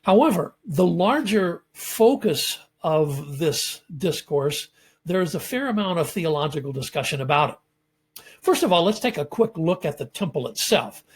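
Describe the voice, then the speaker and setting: A man giving a measured, explanatory lecture on scripture as a Bible teacher, pausing often with ums and uhs. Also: fairly high pitch, animated, slightly rough.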